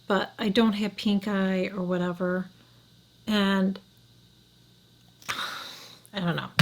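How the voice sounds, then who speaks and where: A middle-aged woman chatting frankly to camera as a beauty vlogger, often sinking to a near whisper. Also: mid-range voice. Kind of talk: casual chat to camera.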